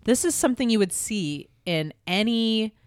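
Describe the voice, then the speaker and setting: A woman hosting a casual podcast chat, leading the talk in a quick, animated way. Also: on the high side, smooth, dry recording, clean studio sound. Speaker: podcast host.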